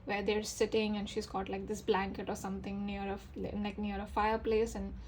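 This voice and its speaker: A woman giving a casual tarot reading straight to her viewers, chatty and full of fillers, her voice rising as she gets excited. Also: mid-range voice, brisk, a little hiss or hum, rough recording. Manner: excitable, voice rises with enthusiasm. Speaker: tarot reader.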